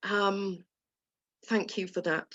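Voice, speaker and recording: Slow, gentle woman coach. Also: medium pitch, little pitch movement, dull audio. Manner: gentle, slow and soothing, acting out inner dialogue in a soft voice. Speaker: guest coach. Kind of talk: talk to a live online group.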